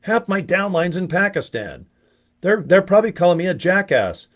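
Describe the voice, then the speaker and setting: A middle-aged man chatting casually to camera as a network marketing vlogger, rambling, swearing freely and jumping into animated stories. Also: sits high, moderate pace. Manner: profane, rambling, animated storytelling. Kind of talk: casual talking-head chat.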